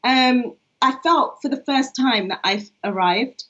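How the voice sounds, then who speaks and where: A woman's voice: sits high, a little slow, a bit bright. Chatty woman on a dull call. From England. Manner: reflective, chatty, laughs often, many fillers. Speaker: poet and co-host. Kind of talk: casual online conversation. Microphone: video call. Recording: dull lo-fi online stream.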